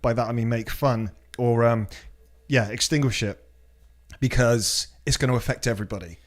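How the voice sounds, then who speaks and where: A man's voice: medium pitch, steady tone, normal speed. A man with a British accent chatting casually on a podcast, blunt and sweary, telling stories from his own life.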